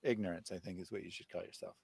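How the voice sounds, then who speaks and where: A man's voice: low voice, steady tone, racing, gravelly, a little hiss or hum. A man hosting a live stream and reading out viewer comments, mocking and combative. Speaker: host.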